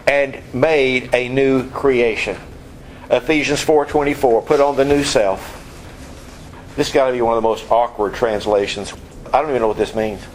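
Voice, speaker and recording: A man's voice: medium pitch, slight background noise, poor audio. A man preaching a sermon in an emphatic, conversational way, often asking rhetorical questions and tossing in casual asides.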